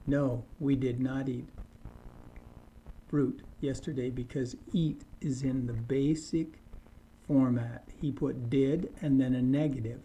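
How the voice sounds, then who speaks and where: A man teaching English at a very slow, careful pace. His voice is dark and mellow as he lays out example sentences one at a time and explains the grammar between them. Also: mid-range voice, fairly even intonation, slight background noise. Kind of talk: slow scripted grammar lesson.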